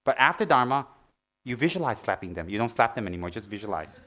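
A Buddhist teacher gives a Dharma talk, teasing and playful before dropping into soft, earnest teaching. His medium-pitched voice is very animated and moves at a quick pace.

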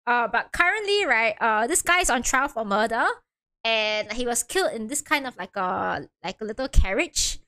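A young woman chatting through a game stream, giggling and apologizing as she goes. Her voice sits high and bright, with wide lively swings in pitch. She often loses her thread and repeats herself. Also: normal speed.

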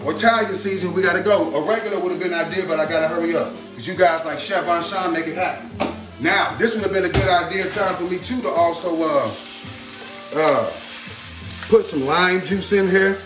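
Brisk and high-voiced, this man hosts a casual cooking video, upbeat as he chats through every step and keeps returning to a favorite catchphrase at the stove. The distant mic catches roomy kitchen echo, with music and frying sizzle in the background.

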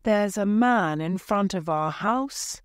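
A woman's voice: medium pitch, animated, takes it slowly, clean tone, no echo, clean studio sound, voice pushed up. A woman voicing an anxious old mother in a storybook reading for learners, with a plain, careful reading voice. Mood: excited.

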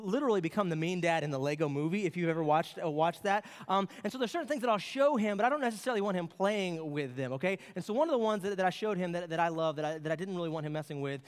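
A man in his late thirties preaching a sermon, telling a family story with an animated, storytelling manner. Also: sits high. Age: late 30s. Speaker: pastor. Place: church sanctuary. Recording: long reverb of a church hall.

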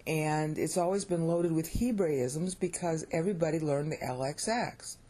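Mellow American voice teaching ancient Greek. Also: medium pitch, moderate pace. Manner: checks in with "okay?" and "all right?", sounds out Greek phrases. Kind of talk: informal spoken lesson.

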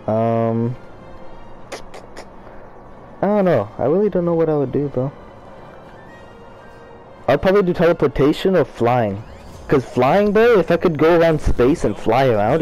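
A man's voice: on the high side, a little mellow, rough recording. A young man chatting casually and profanely while playing a game, rambling about superpowers between frustrated outbursts. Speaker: gamer. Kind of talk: casual gameplay commentary.

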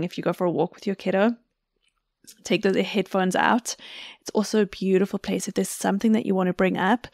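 A woman's voice: lowish voice, dry recording, studio quality. A woman, an author and podcast guest, explaining ideas in casual conversation with enthusiasm.

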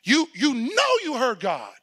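A middle-aged man preaching a sermon as pastor, telling a story, acting out the people in it and shouting for emphasis. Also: very high-pitched, huge pitch swings, a little slow, slightly rough.

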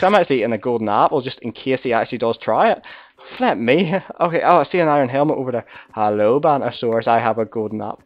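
A young man commentating his own game play, chatty and excitable, gasping and yelling when danger comes. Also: mid-range voice, racing, no echo. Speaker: gamer commentator. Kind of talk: gameplay commentary.

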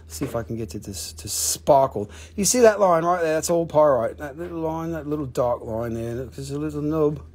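A man with a somewhat higher, husky voice hosts a live sale, talking casually and teasing his viewers. He jokes and banters loosely as he moves from item to item. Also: expressive, fairly quick, a little mellow. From Appalachian region of the United States. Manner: joking, playful, teasing. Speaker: host selling minerals on a livestream. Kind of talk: casual live sales chat.

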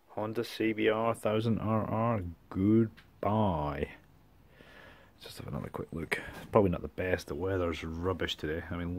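A man vlogging casually to his camera at home and in his garage, chatty and self-mocking. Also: fairly low pitch. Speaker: motorcycle vlogger. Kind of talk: casual vlog chat to camera.

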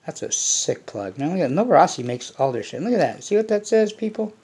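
A man's voice: fairly high pitch, big pitch swings, a little fast, a little mellow, breathy edge. A man hosting a casual unboxing vlog, rambling and blunt, swearing freely as he talks to his viewers. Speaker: hobby channel host.

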